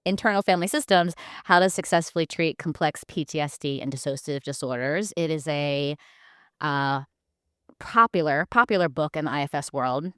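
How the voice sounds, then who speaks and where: A woman's voice: deep voice, normal speed, a bit bright, clean tone, dry recording, clean studio sound. A woman hosting a podcast interview, speaking with enthusiasm and laughing often. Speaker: podcast host. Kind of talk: casual interview chat.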